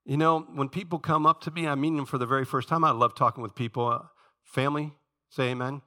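A middle-aged man preaching a sermon, telling the story with lively energy and dropping low and quiet when he prays. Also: quick pace. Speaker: pastor.

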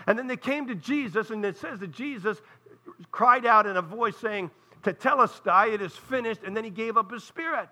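A man preaching in an earnest, explanatory way, often turning to his congregation with direct asides. His voice sits high for a man and rings very bright and sharp. He sounds like a pastor in the pulpit. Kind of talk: sermon.

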